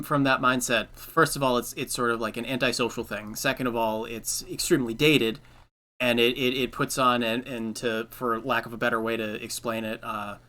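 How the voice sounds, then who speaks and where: A man's voice: medium pitch, sharp tone. A young man hosting a casual podcast chat, giving earnest advice with lots of filler words. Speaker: podcast host.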